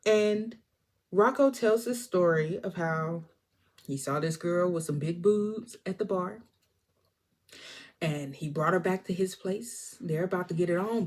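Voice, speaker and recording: A woman casually recapping a film's plot for a vlog, animated and acting out the characters' lines. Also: medium pitch. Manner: animated storyteller, acts out the characters. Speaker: movie reviewer.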